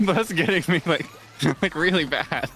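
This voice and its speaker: Giggly man with a lively voice. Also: moderate pace. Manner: giggly, breaks into frequent high laughing fits. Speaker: streamer host. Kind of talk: casual game-stream chat.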